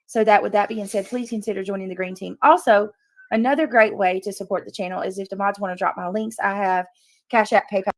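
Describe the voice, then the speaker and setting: Earnest woman hosting a livestream, gravelly voice. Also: medium pitch, fairly even intonation, fast talker, dry recording. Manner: earnest, repeats herself for emphasis; talks to chat while reading comments. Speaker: livestream host. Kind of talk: casual live commentary.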